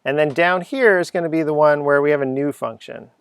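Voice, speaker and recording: Chatty gravelly man teaching code. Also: fairly high pitch, brisk, dry recording. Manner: chatty, thinks aloud, hums and sings sound effects. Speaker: coding teacher. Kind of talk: unscripted screencast coding lesson.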